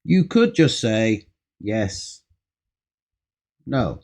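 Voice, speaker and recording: A man's voice: lowish voice, sing-song, extremely slow, creaky, a little mellow. A man teaching an English speaking lesson, patiently modelling example answers and stressing key words. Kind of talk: slow, patient ESL lesson.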